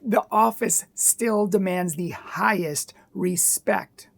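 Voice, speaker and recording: A woman's voice: medium pitch, takes it slowly, gravelly. A woman giving earnest, emphatic opinion commentary, full of rhetorical questions.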